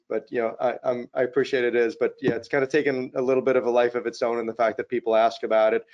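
A man's voice: medium pitch, fairly even intonation, fast talker, few pauses, darkish tone. A middle-aged man who runs a company, speaking as a podcast guest and telling stories in a modest, casual way, full of fillers and "you know.". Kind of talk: casual interview storytelling. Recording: slightly dull lo-fi audio.

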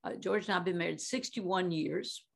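At a moderate pace and in a gravelly, lowish voice, this Christian minister in her eighties, appearing as a guest, tells animated stories in conversation, frequently laughing and dropping in fillers.

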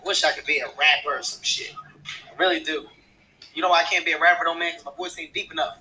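A man performing a stand-up comedy routine, with a light, small voice, acting out characters and shouting punchlines. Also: fairly high pitch, steady tone, fast talker, poor audio.

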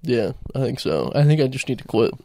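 Young man, gravelly voice, relaxed podcast chat, dry close sound, laughs a lot. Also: medium pitch, a little fast, no room sound. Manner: laid-back, laughs often. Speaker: podcast co-host, stand-up comic. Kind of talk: casual chat.

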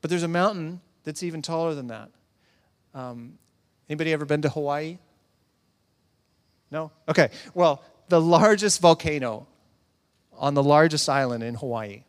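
Pastor, male, slightly high voice, chatty preaching with jokes, hall echo. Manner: conversational preaching with humor and asides to the congregation. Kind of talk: sermon. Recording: long hall reverb.

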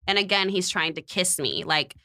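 Young woman, podcast co-host, lower pitch with a bright edge, animated storyteller. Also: normal speed. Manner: animated, acts out quotes, laughs often. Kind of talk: casual storytelling chat.

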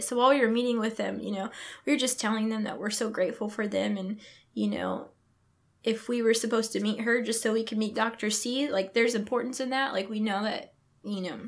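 Her voice sits fairly high and has a creaky texture. As a guest on a podcast, this young expectant mother gives an emotional testimony about her faith, sincerely reenacting what she thought and what others said to her.

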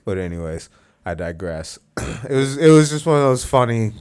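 A man's voice: medium pitch, sing-song, moderate pace, darkish tone, smooth. A man hosting a podcast, telling a rambling story in casual chat with many fillers and restarts. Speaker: podcast host.

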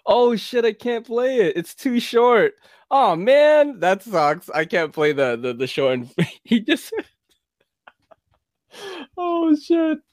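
A man's voice: very high voice, very animated, slow pace, no room sound, studio quality. A man hosting a casual livestream, chatting loosely, swearing and laughing as he plays clips. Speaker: livestream host.

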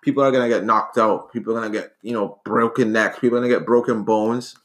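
A man's voice: fairly low pitch, steady tone, fast talker, a bit bright. A man arguing his side in a casual sports debate, earnest and rambling with frequent restarts. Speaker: debate co-host.

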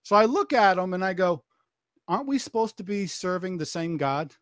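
A man with a high, fairly bright voice recounts a story on a laid-back podcast at a moderate pace, expressively performing the dialogue he quotes. He frequently backtracks and repeats himself, and the close, dry recording has no room sound.

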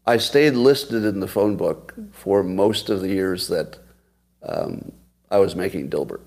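A man's voice: low-pitched, sing-song, unhurried, gravelly, darkish tone. A man in his sixties hosting a casual livestream, chatting and laughing as he tells stories to viewers. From United States. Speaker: podcast host.

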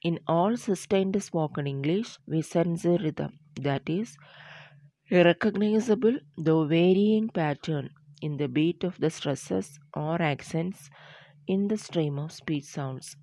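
A woman with a low, deep voice gives a lecture, reading her material aloud at a steady, deliberate pace. She stumbles and restarts now and then. The sound is dry and close, with no room echo. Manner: steady, deliberate delivery with small slips and restarts. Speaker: teacher. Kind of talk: lecture on poetic meter, reading from notes.

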